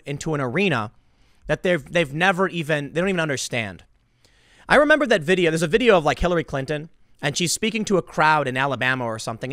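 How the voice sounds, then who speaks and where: A man giving opinionated political commentary in an animated, emphatic way, often repeating words. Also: fairly high pitch, dry recording, studio quality.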